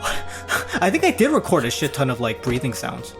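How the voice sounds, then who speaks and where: A young man, a voice actor reacting to his own work in casual commentary, excitable, gushing and self-critical. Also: mid-range voice, fast talker, gravelly, over music.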